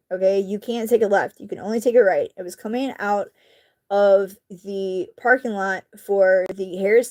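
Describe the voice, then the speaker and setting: A woman, casually telling a story to her viewers while crafting, animated and indignant, with mild swearing. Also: mid-range voice. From southeastern United States. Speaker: vlogger.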